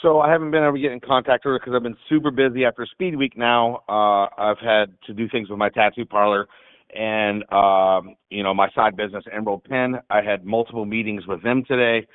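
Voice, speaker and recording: A man's voice: on the low side, steady tone, a little fast, dry recording. A man calling in to a live show, chatting casually and friendly. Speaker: caller. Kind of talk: casual chat on a phone call. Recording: phone line.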